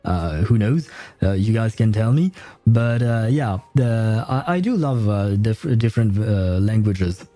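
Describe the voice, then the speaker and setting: A man's voice: on the low side, lively intonation, a little slow, dark tone, faint music behind. A young man, chatting casually to his stream audience while he plays. He is hesitant, with lots of filler sounds and chuckles. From France. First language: French. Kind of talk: casual gameplay commentary.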